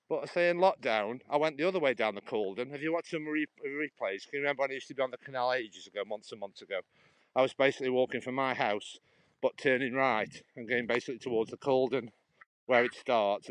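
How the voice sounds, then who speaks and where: A livestreamer from Stoke-on-Trent, England, strolls along a canal, chatting casually with his viewers, laughing a lot and answering their comments as he rambles. He speaks at medium pitch into a handheld phone, and there's no echo.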